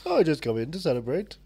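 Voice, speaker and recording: A man co-hosting a film chat with a high, very lively voice. He rambles and jokes, swearing freely along the way. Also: a little fast. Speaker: film podcast co-host. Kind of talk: casual chat.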